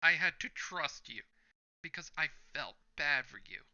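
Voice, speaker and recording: A man's voice: animated, a little slow, bright, forceful tone, exaggerated voice. A man voicing a panicky, frightened male villain. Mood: panicked. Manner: strained, high cries of alarm. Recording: muffled lo-fi recording.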